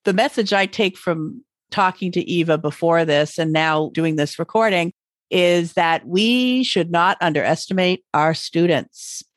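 A woman's voice: lowish voice, unhurried, no echo, studio quality. A woman hosting a teaching podcast, encouraging and enthusiastic as she talks with a guest and reads her outro. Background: faint background music in outro.

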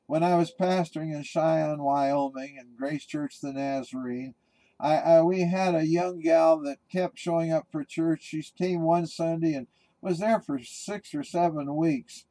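A male pastor delivering a sermon in a relaxed, folksy storytelling way. His voice is warm and mellow, pitched a bit high, with casual restarts. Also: a little slow, poor audio.

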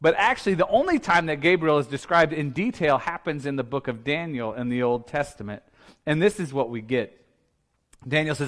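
A male pastor delivering a Sunday sermon, with a voice pitched a little above the usual for a man. He keeps it loose and conversational, cracking jokes and chuckling as he goes. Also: animated, fairly quick, a bit bright. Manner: conversational and playful, laughing often.

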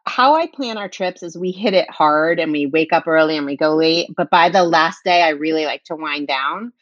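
A woman's voice: low voice, moderate pace, fairly bright tone, dry recording. A woman guest telling a trip story in casual chat, acting out the quotes as she goes. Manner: chatty storyteller who acts out quotes. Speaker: guest recounting a family trip. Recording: dull lo-fi sound.

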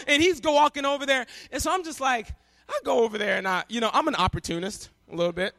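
A young man delivers a sermon with lively, animated storytelling, slipping into the voices of the people in his tale. His voice sits high and sounds bright and forceful. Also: quick pace, soft background music. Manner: animated storytelling, acting out characters. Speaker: pastor.

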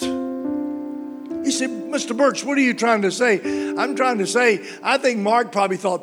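A man preaching a sermon as pastor, impassioned, his voice swinging from loud to hushed. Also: very high-pitched, unhurried, long pauses, over music.

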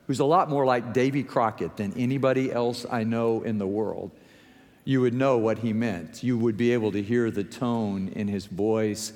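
A man preaching a sermon as pastor, telling stories slowly and deliberately with emphatic rises. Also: lowish voice, darkish tone. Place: large church sanctuary. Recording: long reverb of a large sanctuary.

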